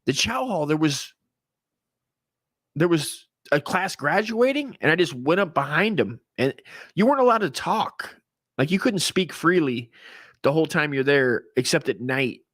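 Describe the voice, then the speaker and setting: A man's voice: fairly high pitch, expressive, normal speed, a bit bright. Profane rambling male storyteller. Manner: profane, rambling, full of fillers; earnest when he gets serious. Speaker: comedy podcast host. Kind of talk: casual storytelling.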